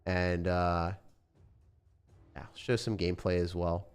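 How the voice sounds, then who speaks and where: Young guy streamer rambling to chat, kinda low voice, lots of likes and uhs. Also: measured pace, smooth, soft background music. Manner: relaxed, rambling, lots of fillers. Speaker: gaming streamer. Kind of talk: casual sponsored stream chat.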